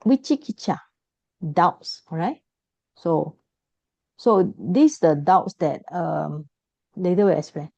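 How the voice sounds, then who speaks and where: Woman, teacher, low mellow voice, patient explaining, lo-fi dry audio. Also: expressive, slow pace, gravelly, long pauses, dry recording. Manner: explains patiently, repeats points, self-corrects. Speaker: Buddhist teacher. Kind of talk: teaching a class.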